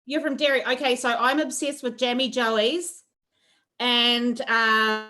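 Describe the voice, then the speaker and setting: A woman's voice: on the high side, level tone, takes it slowly, bright, forceful tone. A woman teaching a cooking class over a video call, chatty and rambling with lots of fillers. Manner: rambling, friendly, with filler words.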